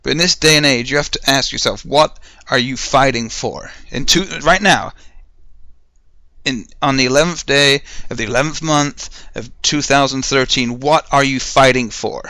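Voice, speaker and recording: A man's voice: medium pitch, moderate pace, bright, forceful tone, no echo. A man hosting a podcast, ranting heatedly in a solo monologue, swearing and firing off rhetorical questions. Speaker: podcast host.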